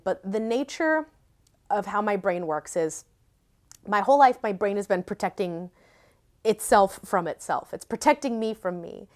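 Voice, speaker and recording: A young woman vlogger telling a personal story candidly, laughing often and acting out what she said to herself. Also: mid-range voice. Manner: candid, laughs often, acts out her own past words. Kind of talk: personal confessional vlog.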